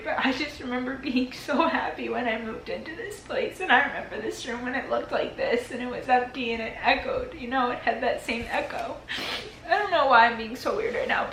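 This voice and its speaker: Young woman in her early twenties, crying vlogger, rambling and high-ish, recorded in a bare echoey apartment. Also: fairly bright tone, slight background noise. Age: early 20s. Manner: rambling, heavy use of "like", tearful laughs. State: crying, teary voice. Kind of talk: emotional farewell vlog, casual talk to camera. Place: empty apartment, indoors. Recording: echoey empty room.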